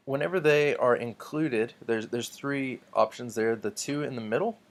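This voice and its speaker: A man teaching a recorded lesson in a relaxed, explanatory way, with frequent ums and restarts. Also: medium pitch. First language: English. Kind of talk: recorded classroom lecture.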